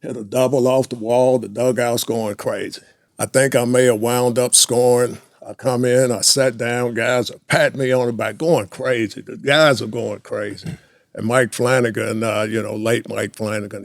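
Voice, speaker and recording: A man in his sixties, a former pro baseball player, telling lively anecdotes in a casual chat and laughing often. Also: medium pitch, moderate pace, gravelly, no echo, clean studio sound. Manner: animated anecdotes, laughs often, acts out quotes.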